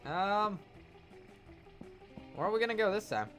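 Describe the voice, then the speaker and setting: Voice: mid-range voice, very animated, measured pace, a bit bright, soft background music. A streamer playing a dating game, making playful, joking asides in casual commentary.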